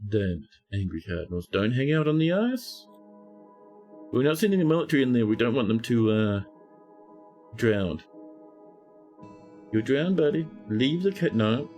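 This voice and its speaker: A man streaming a game live, chatting to his viewers in a mid-pitched voice that swings up and down a lot. He talks to the people on screen and scolds them, while soft guitar music plays underneath. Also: very animated, a little slow, pauses often. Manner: exclaims and scolds game characters. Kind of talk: live-stream gameplay commentary.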